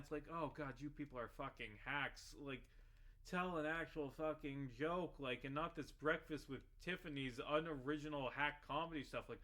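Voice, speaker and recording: A man's voice: medium pitch, moderate pace, pushed and bright. A man ranting in casual commentary while playing a game, rambling and profane, heavy on fillers. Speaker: gaming vlogger.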